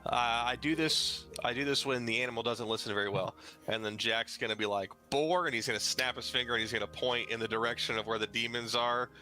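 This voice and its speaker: Hesitant bright-voiced man at a tabletop game. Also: medium pitch, steady tone, faint music behind. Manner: hesitant, halting, many "like"s. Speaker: player. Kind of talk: casual tabletop play.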